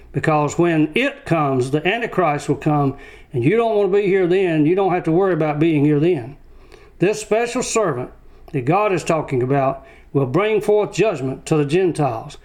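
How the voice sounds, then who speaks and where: A man's voice: fairly high pitch, a little mellow. A man delivers a sermon. He hammers each point with short, repeated phrases. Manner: emphatic repetition of short phrases. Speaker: preacher.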